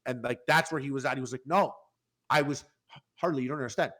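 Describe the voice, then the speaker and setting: A man telling an animated, swearing story in casual podcast chat, acting out the quotes. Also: medium pitch, racing. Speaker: podcast guest.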